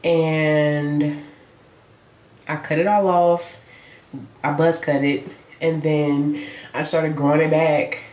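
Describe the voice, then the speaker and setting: A woman's voice: deep voice, level tone, slow pace, long pauses, a little mellow, roomy sound. A young woman, chatting casually and playfully in a self-filmed vlog, swearing freely. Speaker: vlogger.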